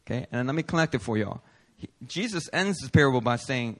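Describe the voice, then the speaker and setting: A male pastor preaching a sermon in a playful, animated way with casual slang. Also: mid-range voice, fairly quick.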